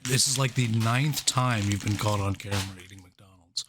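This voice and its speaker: A man's voice: moderate pace, noisy background. A man co-hosting a podcast in casual chat, teasing his friend and laughing often. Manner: teasing, laughs a lot, lively pitch. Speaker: podcast co-host.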